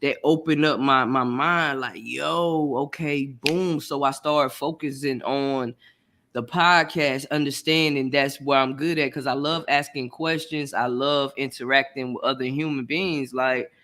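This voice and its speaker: Male podcast host, mid pitch, earnest, heartfelt, repeats himself. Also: fairly even intonation, unhurried, bright, forceful tone, slight background noise. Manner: earnest, heartfelt, repetitive phrasing. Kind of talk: casual chat.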